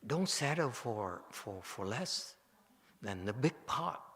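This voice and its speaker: Man, Buddhist monk lecturing, slow and bright-toned, excitable and joking, echoing hall. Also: mid-range voice. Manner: emotional, excitable, joking, with many restarts. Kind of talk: Dharma lecture. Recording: long hall reverb.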